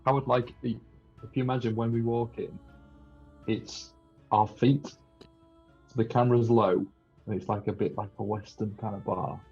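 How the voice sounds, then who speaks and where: Low, mellow man playing a tabletop game. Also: steady tone, moderate pace, long pauses, husky, highs cut off, faint music behind. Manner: playful, cinematic storytelling. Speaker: player.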